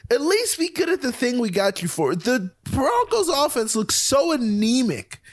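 A man's voice: extremely high pitch, sing-song, no room sound. Bantering man in a dry podcast chat. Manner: quick banter, hesitant fillers. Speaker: podcast co-host. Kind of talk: casual sports chat.

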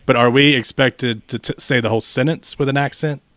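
A man's voice: mid-range voice, steady tone, brisk, fairly bright tone, no room sound. A man co-hosting a podcast, arguing his point in a casual group chat. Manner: argumentative, makes a point. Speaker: podcast co-host.

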